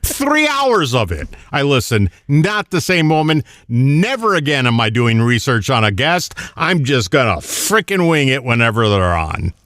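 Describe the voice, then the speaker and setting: A man's voice: medium pitch, very animated, unhurried, few pauses, fairly bright tone, no room sound, clean studio sound. A man co-hosting a radio show, telling an exasperated story with swearing and laughing at himself. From the American South. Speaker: radio co-host. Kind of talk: casual radio banter.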